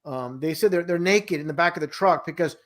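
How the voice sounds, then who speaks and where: In casual conversation, a guest goes on at length in a fairly high, a bit bright voice, speaking fairly quickly. He rambles, keeps restarting his sentences, and sounds incredulous.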